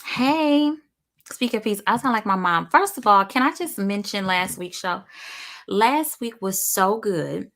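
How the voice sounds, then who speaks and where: A woman's voice: mid-range voice, a bit bright. A woman hosting a live show in casual chat, upbeat and talkative, calling her viewers y'all.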